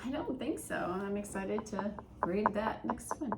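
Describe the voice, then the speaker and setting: Woman, book podcast co-host, brief supportive replies, loud background noise, echoey room. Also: mid-range voice, lively intonation, a little slow.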